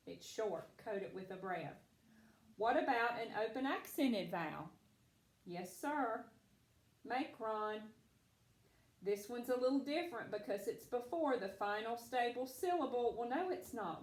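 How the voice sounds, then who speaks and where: Patient woman teaching phonics, echoey room. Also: a little high. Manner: patient, encouraging, slows to sound out words. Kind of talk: phonics lesson to young students.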